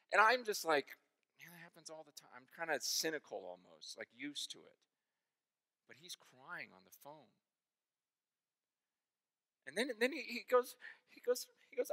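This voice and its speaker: A man preaching at a conference, telling stories emphatically, dropping to a hush and rising to loud, impassioned peaks. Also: high voice. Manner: emphatic storytelling, swings from hushed to loud and impassioned. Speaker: pastor. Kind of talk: conference sermon. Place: conference hall. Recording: speech in a large reverberant hall.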